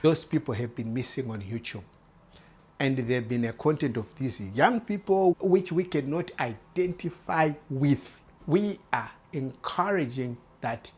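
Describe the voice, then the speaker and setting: A man's voice: medium pitch, darkish tone. A man, likely in his fifties, talking straight to the camera as a channel host, earnest and urging, often repeating his phrases. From former British colony. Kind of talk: direct-to-camera talk.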